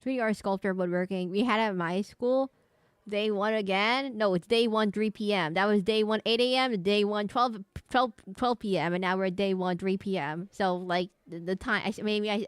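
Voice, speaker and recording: A woman's voice: mid-range voice, clean tone, dry recording. A woman streaming a horror game, chatting casually, laughing often and reading the game's lines aloud to chat. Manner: giggly, chatty, reads game dialogue aloud. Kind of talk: casual let's play commentary.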